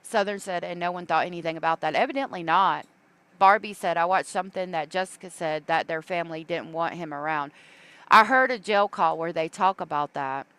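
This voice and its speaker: A woman's voice: lowish voice, a little fast, a bit bright, clear, resonant tone, no room sound. Chatty woman hosting a livestream. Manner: chatty, reads viewer comments aloud, many fillers. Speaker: true crime livestream host. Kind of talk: casual livestream commentary.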